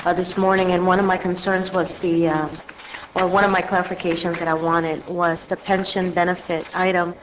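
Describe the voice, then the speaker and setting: A congested woman on a city council making a measured statement for the record, her voice low and flat. The audio is dull and muffled, with a long reverb tail and light hiss. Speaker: vice mayor on a city council. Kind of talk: council member comment at a meeting.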